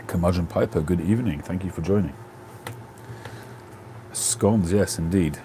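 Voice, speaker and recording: A man's voice: sits low, takes it slowly, background noise. A man hosting a casual live stream from home on a phone, chatting and answering viewers' comments.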